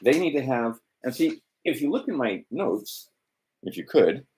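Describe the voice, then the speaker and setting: Hosting an informal instructional video, this man thinks out loud, trails off, starts over and acts out quoted exchanges. His medium-pitched voice is very animated yet unhurried, darkish in tone with a breathy edge.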